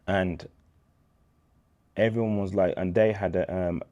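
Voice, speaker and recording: A man in his thirties with a Birmingham accent, a guest telling lively, slang-filled stories in a casual interview. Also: sits low, measured pace, highs cut off. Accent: Birmingham English. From England. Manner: animated storyteller, slang-heavy, acts out quoted dialogue.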